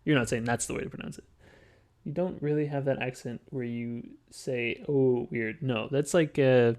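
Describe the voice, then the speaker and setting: A man from Western Canada with a Western Canadian accent, giving casual live-stream commentary in a rambling, halting, musing way. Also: medium pitch, fairly even intonation, darkish tone. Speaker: streamer reacting to clips.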